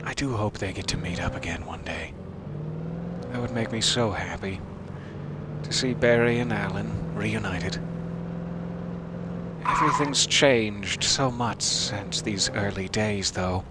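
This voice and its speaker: A man giving casual, wry gameplay commentary, joking and self-deprecating, with sudden jumps in pitch for his jokes. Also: measured pace, pauses often, very noisy. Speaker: let's play host.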